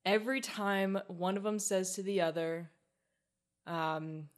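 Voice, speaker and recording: A woman with a mid-range voice co-hosts a podcast, telling stories at a measured pace in a casual, animated way. She acts out what people said as she chats.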